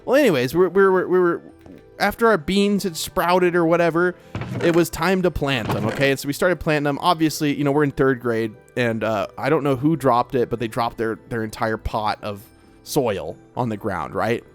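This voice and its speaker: A man's voice: medium pitch, moderate pace, faint music behind. A young man telling a long, rambling childhood story in a laid-back way while playing a game, his talk full of "like" and "bro". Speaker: gaming streamer.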